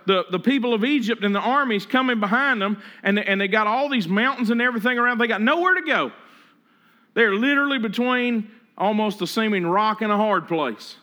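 A man's voice: high-pitched, pushed and bright. A man preaching a sermon in a conversational way, often repeating words and acting out what people say. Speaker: pastor.

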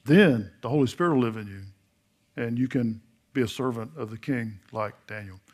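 A middle-aged pastor preaches a sermon, telling a Bible story in a folksy way and acting out the dialogue. His mid-range voice moves at a moderate pace, swinging between loud emphasis and hushed earnestness.

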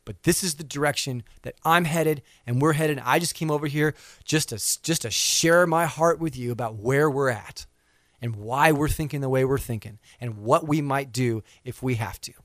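A man giving an impassioned speech to an audience, swinging between loud fervor and hushed intensity. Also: medium pitch, normal speed, no room sound, studio quality. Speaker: speaker addressing an audience.

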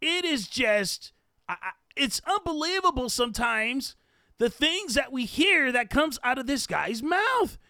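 A man hosts a podcast in an indignant, mocking political rant. His voice sits very high for a man and leaps around expressively. The sound is bright and dry, with no room around it. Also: big pitch swings, a little slow, gravelly, dry recording. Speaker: podcast host.

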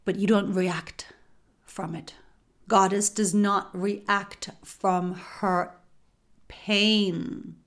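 A woman hosting a spiritual podcast speaks at a slow, unhurried pace in a mid-range voice. Her phrasing repeats like an incantation, and she often drops into a whisper to stress a point. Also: mid-range voice, level tone. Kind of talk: slow spiritual guidance talk.

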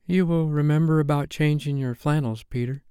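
A man doing a high, coaxing little mother girl. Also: sing-song, fairly quick, darkish tone, no echo, studio quality. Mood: pleading. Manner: pleading and coaxing. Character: motherly fussing young girl.

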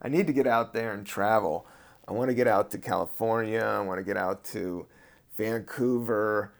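Man, low voice, gravelly fry, rambling casual podcast talk, a bit high. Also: moderate pace. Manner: loose, meandering, swearing freely. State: a little high. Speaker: comedian and podcast host.

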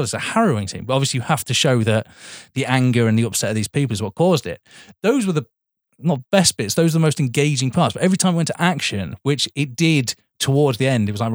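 Male podcast co-host, mid pitch, talks in long laughing ramble, dead-dry sound. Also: lively intonation, very fast, no echo. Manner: chatty, laughs often, rambling film opinions. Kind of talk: casual chat.

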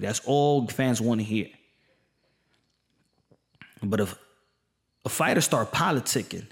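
A man's voice: medium pitch, moderate pace, long pauses. Passionate man ranting about boxing. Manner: passionate, emphatic, repeats points, casual slang. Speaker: boxing commentator. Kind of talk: opinionated boxing commentary monologue.

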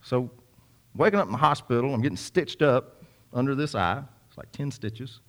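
A man's voice: mid-range voice, expressive, normal speed, fairly bright tone. Folksy preacher man. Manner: folksy storytelling, addressing the congregation with many repeats and asides. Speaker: pastor. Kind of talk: sermon.

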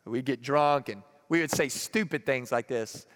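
A man preaching a sermon and reading scripture aloud, moving between hushed, grave passages and fervent, emphatic ones. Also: medium pitch, moderate pace, hardly any pauses. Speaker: pastor. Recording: long hall reverb.

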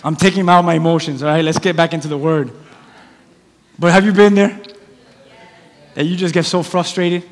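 A male pastor preaching a sermon in a church, telling stories in an animated way and acting out the voices of the people in them. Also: a little high, moderate pace, pauses often. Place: church sanctuary. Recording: long hall reverb.

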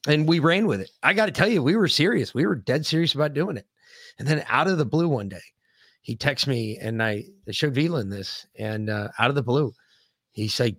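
A grieving man co-hosts a podcast in casual talk, his speech halting, emotional and full of profanity and restarts. His voice sits at an ordinary middle pitch. It is recorded close and dry, with no room sound. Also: expressive, a bit bright, no room sound. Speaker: podcast co-host.

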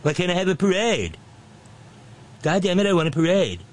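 A man putting on the voice of a petulant older male leader who whines, demands and shouts. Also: sits high, very animated, moderate pace, pitched above the performer's own voice. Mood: whiny.

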